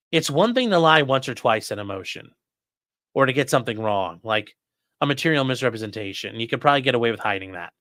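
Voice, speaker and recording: A man's voice: medium pitch, expressive, fairly quick, pauses often, a bit bright, dry recording, clean studio sound. A man hosting a live stream, giving blunt, profane, mocking commentary to his chat. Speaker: streaming host.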